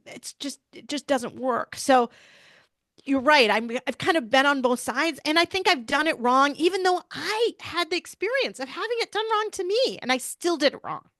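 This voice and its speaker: Her high-pitched voice has lively intonation and a pushed, bright quality at normal speed, recorded dry in studio quality. As an interview guest, this middle-aged pediatrician and bereaved mother tells a personal story earnestly, searching for words and restarting often.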